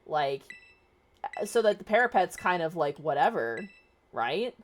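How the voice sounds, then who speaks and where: A woman's voice: on the low side, big pitch swings, measured pace, a little hiss or hum. A woman streamer casually retelling a book, chatty and rambling, with plenty of swearing. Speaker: VTuber streamer.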